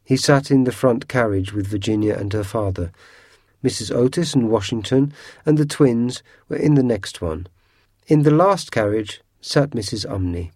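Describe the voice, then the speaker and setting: A man narrating a storybook audiobook in a measured, unhurried way. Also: medium pitch, darkish tone, dry recording, studio quality.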